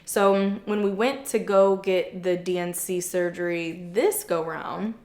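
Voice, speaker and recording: A woman's voice: fairly low pitch, measured pace. A young woman co-hosting a podcast, speaking openly and chattily, with lots of "like" fillers. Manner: chatty and open, frequent "like" fillers, animated retelling. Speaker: podcast co-host. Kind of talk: candid personal storytelling. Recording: echoey room.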